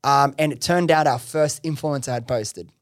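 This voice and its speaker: A young man in the guest chair of his own podcast recounts his story in a lively, slangy way, swearing freely and scattering fillers. His voice sits at an ordinary middle pitch. It is recorded close and dry, with no room sound. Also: normal speed, no echo. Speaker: podcast host interviewed as guest, business founder. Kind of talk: casual interview storytelling.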